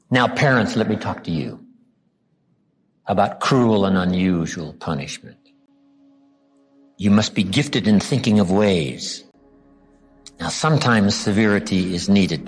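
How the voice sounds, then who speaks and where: Husky older American man lecturing in a hall. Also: on the low side. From United States. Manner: rhetorical questions, repeats key words with slow drawn-out emphasis. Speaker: motivational speaker. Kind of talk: live seminar lecture. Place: large hall with a live audience. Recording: live hall recording with long reverb.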